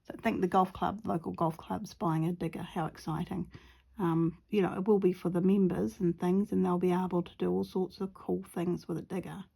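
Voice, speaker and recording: A woman's voice: lowish voice, level tone, brisk, gravelly, warm tone, breathy edge. Chatty New Zealand woman painting. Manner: chatty, rambling, giggly asides, half-muttered to herself. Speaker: watercolor painting vlogger. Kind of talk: casual chat while painting.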